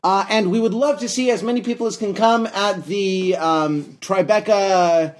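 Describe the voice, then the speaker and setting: A man hosting a casual podcast, reading the sign-off plugs with relaxed fillers. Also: high voice, normal speed. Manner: laid-back, reads show plugs with fillers. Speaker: podcast host.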